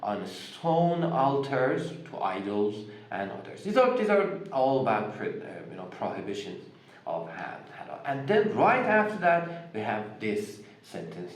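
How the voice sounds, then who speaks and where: A man's voice: mid-range voice, very animated, measured pace, echoey room, low-quality recording. A man with a Persian accent giving a religious lecture, speaking with many fillers and restarts and stressing key words. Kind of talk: religious lecture explaining scripture.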